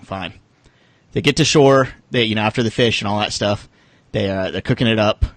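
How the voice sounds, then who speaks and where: A man's voice: on the low side, brisk, fairly bright tone, dry recording. A man co-hosting a fantasy football podcast, telling jokes and chatting loosely. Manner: joking, loose storytelling. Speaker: podcast co-host. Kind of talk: casual podcast banter.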